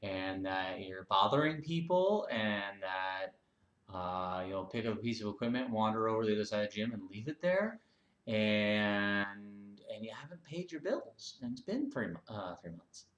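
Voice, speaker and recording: A man's voice: on the low side, lively intonation, moderate pace, a bit bright, muffled recording, voice pushed down. A man voicing a patient gym owner who lays out rules and fees in a reasonable tone, with many fillers. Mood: patient explaining. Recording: roomy echo.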